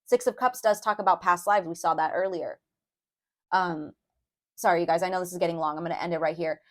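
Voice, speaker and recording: A young woman giving a casual tarot reading to camera, chatty and loose, often calling viewers "you guys" and filling pauses with "um" and "like". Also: lowish voice. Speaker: tarot reader.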